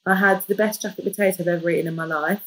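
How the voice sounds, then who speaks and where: Lively woman telling a story. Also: fairly low pitch, rapid-fire, low-quality recording. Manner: lively, jokey, animated retelling. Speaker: guest. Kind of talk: casual storytelling.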